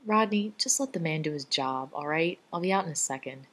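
A woman's voice: deep voice, expressive, brisk, fairly bright tone. A woman voicing a tired, sheepish male officer who speaks feebly. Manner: feeble, lame, evasive.

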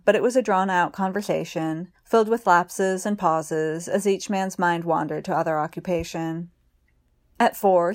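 Woman, story reading, calm, unhurried, somewhat low voice. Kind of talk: reading fiction aloud.

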